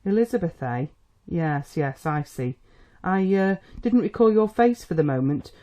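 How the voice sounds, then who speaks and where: A storybook reader plays a worried old country doctor in a period novel. He is gruff and testy, with a dry, grim edge. His voice stays mellow and dark. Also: mid-range voice, lively intonation, a little slow, lightly acted.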